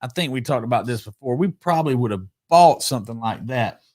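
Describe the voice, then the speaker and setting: A man's voice: medium pitch, expressive, a little fast, a little mellow. A man hosting a casual talk show, chatty, often restarting and repeating his words. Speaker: podcast host. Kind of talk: casual chat.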